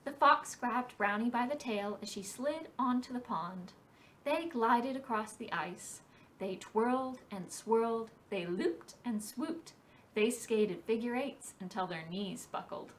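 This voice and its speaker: With a fairly high voice, a woman reads a picture book to preschoolers at library storytime, slowly and expressively. The mic is far from her, and a little hiss or hum comes through.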